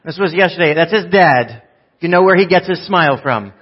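A man preaching a live sermon to a church congregation, joking and swinging from loud bursts to soft, low asides. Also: animated, brisk, lo-fi sound. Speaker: pastor.

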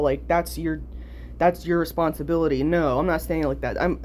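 A woman's voice: on the low side, animated, normal speed, a little mellow, a little hiss or hum. A young woman telling a personal story to camera in a candid, rambling way, full of fillers and swearing. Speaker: vlogger. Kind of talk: casual storytime chat.

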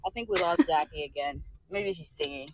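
A woman's voice: sits low, brisk, no echo. A woman calling in to a live chat show, joking and profane, laughing as she talks. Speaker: caller. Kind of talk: casual phone-in chat.

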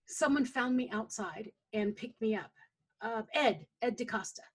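A woman's voice: fairly high pitch, normal speed, husky. A woman coach chatting casually and telling stories, acting out what others said. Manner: animated storyteller, acts out quotes. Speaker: coach guest. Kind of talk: casual conversation.

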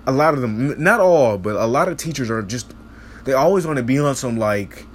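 A man's voice: medium pitch, lively intonation, brisk. A teenage boy ranting in frustration, swearing constantly and rambling with many restarts. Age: teens. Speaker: high school student venting. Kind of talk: casual rant.

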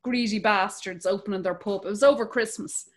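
A woman's voice: medium pitch, a little fast. A middle-aged woman hosting a podcast, chatting casually, swearing freely and acting out what people said. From Ireland. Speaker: podcast host. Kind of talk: casual chat.

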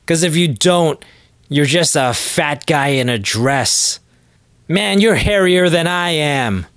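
A man's voice: a little high, animated, takes it slowly, a bit bright, no room sound, clean studio sound. A man hosting a podcast, telling a rambling, sardonic comedic story. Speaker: podcast host. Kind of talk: comedic monologue.

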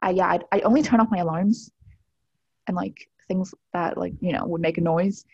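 A young woman co-hosts a podcast with a lively, teasing manner. Her voice is a bit breathy. The sound is close and dry, with no room echo. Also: on the low side, highs cut off. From southern United States, living in Miami. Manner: animated, quick to tease and laugh. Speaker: podcast co-host. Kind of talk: casual chat.

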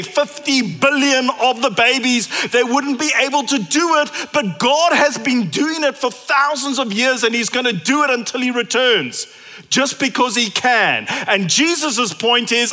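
A man with a South African accent preaching a sermon, animated and repeating phrases for emphasis. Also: very high voice. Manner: animated, acts out imagined dialogue in different voices.

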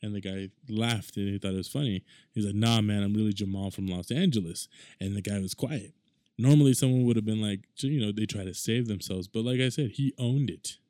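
A man's voice: fairly low pitch, a little fast, mellow, dry recording, studio quality. A young man in his twenties hosting a casual solo podcast, talking in a rambling, conversational way with lots of fillers. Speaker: podcast host.

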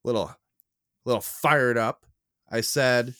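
A man's voice: mid-range voice, slow pace, fairly bright tone, no echo, studio quality. A young man co-hosting a podcast, telling stories with mock indignation and lots of teasing. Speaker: podcast co-host. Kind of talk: casual chat.

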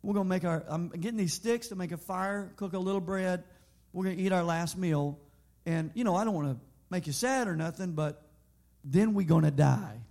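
A man playing a poor, frightened widow, speaking in a low, hushed, pleading voice. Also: moderate pace, gravelly. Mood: hushed, resigned.

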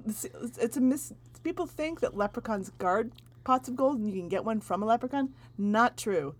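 A woman's voice: fairly high pitch, expressive, moderate pace, a little hiss or hum. A woman co-hosting a podcast in casual, comic chat, teasing and giggling often. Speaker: podcast co-host.

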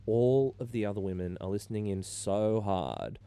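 A man's voice: on the low side, expressive, moderate pace, warm tone, clear, resonant tone, dry recording. A man co-hosting a podcast, recapping a reality show in casual, wry chat and laughing often. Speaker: podcast co-host.

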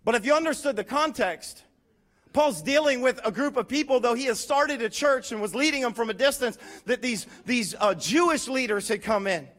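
A pastor giving a lively, conversational sermon with emphatic points and humorous asides. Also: male voice, very high-pitched, moderate pace.

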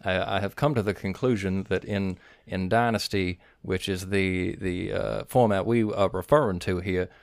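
A man with a lowish voice co-hosting a podcast, measured and mock-formal in his replies. The recording is close and dry, with no room sound. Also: steady tone, gravelly, clean tone, dry recording. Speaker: podcast co-host. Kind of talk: casual podcast banter about fantasy football.

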